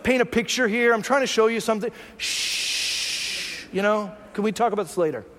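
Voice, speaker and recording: A man doing a patient teacher speaking softly and coaxingly to a friend. His voice sits high and echoes in a long hall reverb. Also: moderate pace, noisy background, lightly acted. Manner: soft, coaxing, lowered. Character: patient male teacher, gently shushing a friend.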